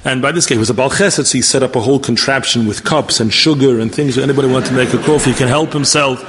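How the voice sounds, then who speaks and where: A man preaching in a storytelling sermon, acting out the dialogue and rising to high, emphatic exclamations. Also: quick pace, noisy background. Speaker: rabbi.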